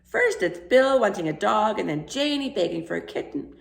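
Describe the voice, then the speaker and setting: Woman doing a worried housewife, sharp, fussy, gravelly, lively pitch. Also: moderate pace. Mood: scolding. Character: practical, worried middle-aged housewife. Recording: roomy echo.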